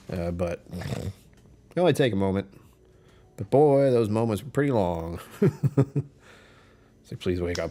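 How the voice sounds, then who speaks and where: A man's voice: lowish voice, darkish tone. A man hosting a casual livestream, talking in a rambling, self-deprecating way and laughing often. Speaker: whiskey channel host.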